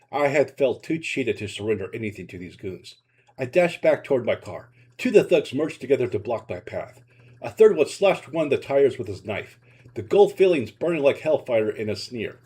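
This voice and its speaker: A man reading his own short story aloud in an expressive, dramatic narration. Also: mid-range voice, slightly rough.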